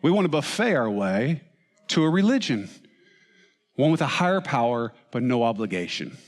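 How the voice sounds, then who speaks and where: A man's voice: mid-range voice, big pitch swings, normal speed, long reverb tail. A man preaching a sermon, asking rhetorical questions and reading quotations aloud with rising emphasis. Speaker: pastor. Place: church auditorium.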